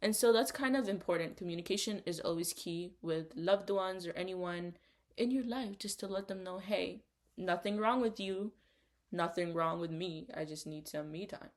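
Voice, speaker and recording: A woman's voice: lowish voice, normal speed. A young woman co-hosting a casual podcast chat, talking in an earnest, encouraging way. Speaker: podcast co-host.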